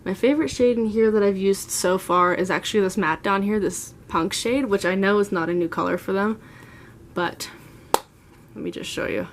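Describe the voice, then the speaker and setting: Young woman in her twenties, beauty vlogger, chatty and gushing, mid-pitched voice. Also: fairly quick, a little hiss or hum. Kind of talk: casual makeup collection tour. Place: at home, seated.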